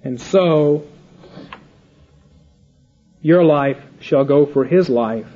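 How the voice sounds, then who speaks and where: An older man draws out his words in a mellow, slightly high voice as he gives a Bible lecture. He retells the scripture casually and voices the exchanges himself, and the recording is muffled and lo-fi.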